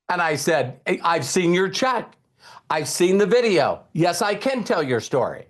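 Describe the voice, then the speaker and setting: Animated high-voiced middle-aged man trainer. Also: measured pace. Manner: animated, emphatic, acts out quoted dialogue; addresses the audience directly with repeated questions. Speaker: network marketing trainer. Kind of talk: motivational seminar talk.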